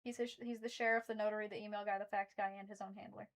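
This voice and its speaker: A woman friend bantering casually, spinning deadpan absurd jokes. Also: medium pitch, very fast, creaky.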